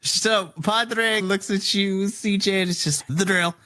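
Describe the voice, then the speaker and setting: A man narrating as game master of a tabletop role-play, a lively storyteller who laughs often. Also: sits high, takes it slowly, no room sound.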